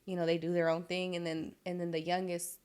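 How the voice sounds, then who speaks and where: A woman hosts a casual podcast and asks questions in a loose, chatty way. Her voice is on the lower side for a woman, and she uses plenty of casual slang. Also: monotone, brisk, darkish tone, smooth. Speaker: podcast host.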